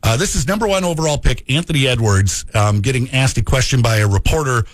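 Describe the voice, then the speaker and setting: A man hosting a casual morning radio show, jokey and quick to laugh. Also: mid-range voice, dry recording. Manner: jokey, laughs often, playful. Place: radio studio.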